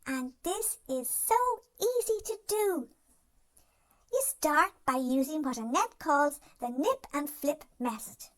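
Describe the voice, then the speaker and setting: Someone voicing a high, lively, gentle wise dog. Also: slow pace. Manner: soothing, reassuring, speaks to the listener directly. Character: gentle caring wise dog giving life advice. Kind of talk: scripted self-help narration.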